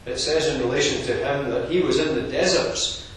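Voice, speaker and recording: A preacher delivers a measured, earnest expository sermon, explaining the text point by point in an everyday-pitched voice with fairly even intonation. Heavy echo and faint room noise suggest he was recorded from a distance in a large hall.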